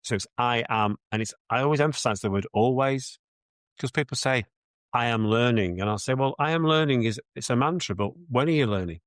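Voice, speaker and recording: A man's voice: mid-range voice, a little fast, fairly bright tone, no room sound. A man with a British accent, a mindset coach answering interview questions in an earnest, reflective way, often restarting his sentences.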